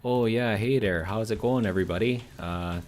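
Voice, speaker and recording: A man's voice: on the low side, normal speed, darkish tone, a little hiss or hum, pitched above the performer's own voice, natural voice. A man putting on a cheery Upper Midwest Yooper accent for a folksy greeting.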